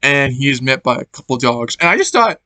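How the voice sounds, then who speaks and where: A man's voice: medium pitch, very animated, a little fast, bright, forceful tone, no room sound, faint music behind. Rambling man reviewing a movie. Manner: rambling, searching for words, laughing often. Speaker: channel host reviewing a movie.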